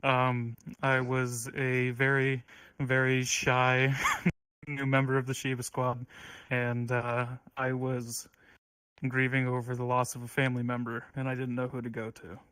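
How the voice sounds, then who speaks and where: A man giving an earnest, heartfelt eulogy at an online gathering, sometimes halting. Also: medium pitch, completely flat delivery, fairly bright tone, clear, resonant tone, no echo, poor audio. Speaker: eulogy speaker.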